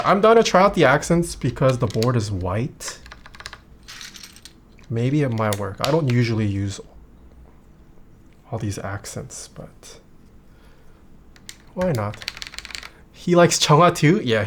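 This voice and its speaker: A streamer in a relaxed livestream chat who reads viewers' questions aloud and answers them offhand. The voice often drops quiet while typing. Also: mid-range voice, takes it slowly, long pauses, noisy background.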